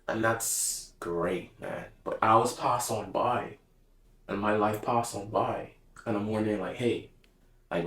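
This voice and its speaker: A man's voice: lowish voice, slight background noise. Reflective man in a roomy space. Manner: casual, slangy and heartfelt, with frequent "man". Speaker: vlogger. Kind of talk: reflective monologue to camera.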